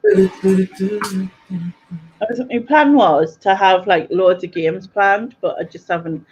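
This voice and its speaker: A woman's voice: medium pitch, animated, takes it slowly, a little mellow, breathy edge. A woman hosting a casual livestream chat over a video call, giggly and self-deprecating. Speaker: host. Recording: dull lo-fi call audio.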